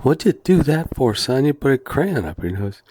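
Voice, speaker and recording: A man's voice: mid-range voice, very animated, normal speed, mellow, pitched above the performer's own voice. A man playing an exasperated dad. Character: exasperated father scolding his young son.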